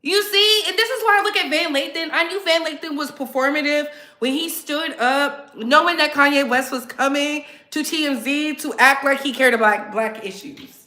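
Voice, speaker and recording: A woman hosting her own commentary channel, talking straight to her viewers in a sassy, animated way. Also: high-pitched, normal speed, few pauses, reverberant. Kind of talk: casual commentary.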